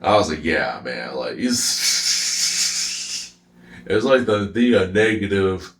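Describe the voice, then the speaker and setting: A man's voice: deep voice, very animated, takes it slowly, fairly bright tone, reverberant. A man giving a casual, rambling anime commentary, slangy with many fillers and frequent laughter. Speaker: anime reviewer.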